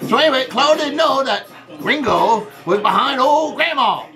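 A man playing rambling, shouty Cotton Man. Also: very high-pitched, lively intonation, moderate pace, over music. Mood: rambling cheerful. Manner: rambling, repeats "man" and "see", shouts greetings. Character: jokey male character who calls himself Cotton Man. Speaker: birthday greeter. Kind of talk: homemade birthday video, rambling storytelling.

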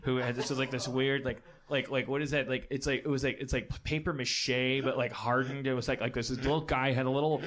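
A man telling a story in casual chat, rambling and halting, with many restarts, often laughing as he talks. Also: mid-range voice, steady tone, fairly bright tone.

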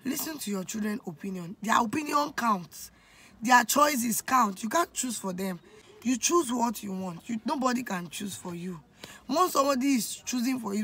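A woman's voice: fairly high pitch, fairly bright tone, husky. A young Nigerian woman in her twenties tells a personal story on her vlog, confiding and emotional, often turning to speak straight to her viewers. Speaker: vlogger.

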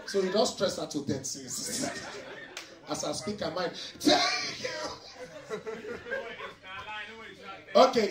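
A young man with a Nigerian accent doing live stand-up crowd work, teasing the audience and laughing as he talks. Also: fairly high pitch. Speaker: stand-up comedian. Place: noisy nightclub stage. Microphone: handheld mic. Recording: echoey club, mic picked up from far. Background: crowd laughing and cheering.

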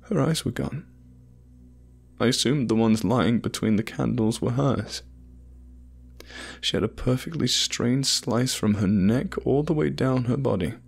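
A man narrating a scripted first-person horror story in a measured, grim way. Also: mid-range voice, vocal fry, slightly rough.

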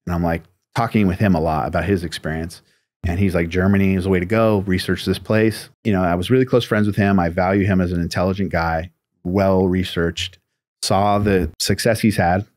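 Guest tattoo artist, American man, deep voice, dry close sound, loose rambling storyteller. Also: fairly even intonation, a little fast, darkish tone, dry recording. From United States. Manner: laid-back, rambling, lots of "like" and "you know". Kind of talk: casual storytelling interview.

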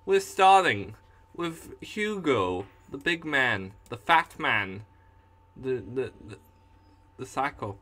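Joking Australian man, bright voice. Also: mid-range voice, very animated, slow pace. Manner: self-mocking, joking. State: sore throat, coughing. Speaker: YouTuber voicing game characters. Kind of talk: casual comedic commentary.

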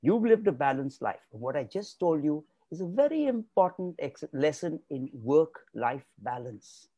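A man delivers a motivational talk as a guest expert, his pitch swinging widely as he repeats key words for emphasis. The sound is dry and close, with almost no room echo. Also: sing-song, moderate pace, mellow. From India.

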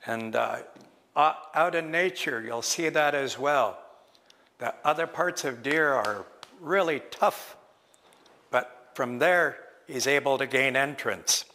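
Man telling traditional tales, unhurried with pauses, recorded in a reverberant lecture hall. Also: mid-range voice, sharp tone. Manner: slow, deliberate, pausing often. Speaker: traditional storyteller. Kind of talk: traditional oral storytelling at a lecture.

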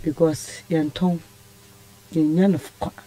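A woman's voice: sits low, flat delivery, takes it slowly, mellow, no echo. A Ghanaian woman telling a personal story as a radio guest, impassioned and rambling. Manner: impassioned, rambling, switches languages. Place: radio studio.

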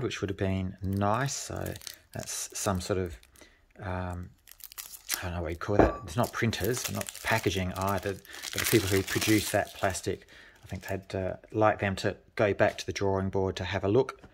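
A man hosting a board game unboxing, counting cards aloud at an easy pace and chatting in casual asides with frequent fillers. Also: fairly low pitch.

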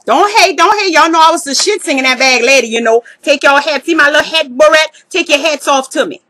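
A woman's voice: high voice, a little fast, sharp tone. A woman with a Southern US accent playing her brash, gossipy, jealous party-girl alter ego in a comedy vlog, talking in a sassy, slangy, trash-talking way. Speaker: vlogger in character.

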